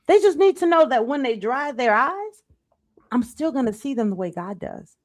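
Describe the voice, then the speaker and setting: A woman in her thirties, a life coach, talking in a casual faith-based chat, animated and repeating herself for emphasis. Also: high-pitched, moderate pace, no room sound, studio quality.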